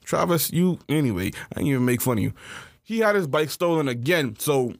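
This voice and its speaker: Brief: male podcast co-host, excitable storyteller, voice swings up and down, dry close recording. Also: fairly high pitch, fairly quick, vocal fry, no echo. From South Florida. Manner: animated storyteller, acts out voices and yells in his stories. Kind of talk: casual storytelling chat.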